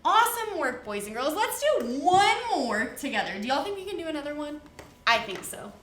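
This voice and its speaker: A woman's voice: sits high, sing-song, fairly quick, a bit bright, echoey room. A woman teaching a first grade lesson in a sing-song, encouraging way, talking to children. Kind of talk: televised classroom lesson. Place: studio set.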